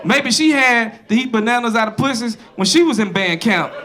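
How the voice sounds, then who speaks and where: A man performing a loud, crude stand-up comedy set on a club stage, animated and silly, with a laughing crowd behind him. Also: very high-pitched, moderate pace. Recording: live club with crowd noise.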